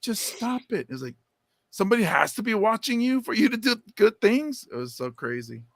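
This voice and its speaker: Guy cohosting a podcast, chatty and lively, dry mic, higher voice. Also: a little fast, dry recording. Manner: animated, jumps into high quoted voices. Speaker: podcast co-host. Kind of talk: casual chat, storytelling.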